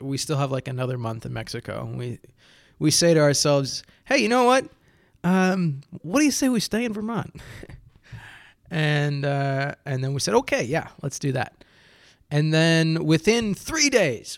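A young man talks in a casual solo podcast, rambling and self-mocking, often restarting his sentences. His voice sits a little high and has a gravelly fry. The sound is dry and close, recorded indoors at home. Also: no echo. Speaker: podcast host. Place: indoors at home with a heater running.

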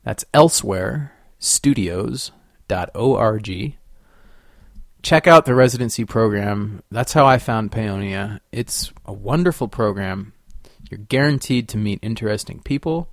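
A man's voice: lowish voice, measured pace, no echo. Rambling, cussing man with a dry sound. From Sacramento, California. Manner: rambling and profane, swinging between quiet musing and loud ranting. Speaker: podcast host. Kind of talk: rambling solo podcast monologue.

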